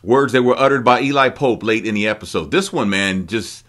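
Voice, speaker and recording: A man hosting a casual TV recap chat, laid-back and halting, with lots of fillers. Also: on the low side, fairly bright tone. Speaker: podcast host.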